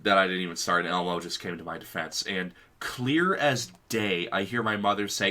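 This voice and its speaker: A man's voice: low-pitched, normal speed, few pauses, pushed and bright. A man co-hosting a podcast, telling a story with lots of swearing and acted quotes in casual chat. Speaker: podcast co-host.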